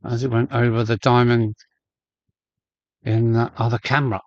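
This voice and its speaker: A man's voice: medium pitch, flat delivery, normal speed, dry recording. A man hosting a live stream from his loft, chatting casually and greeting viewers by name as he goes. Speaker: host of a model railway live stream. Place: home loft with a model railway layout.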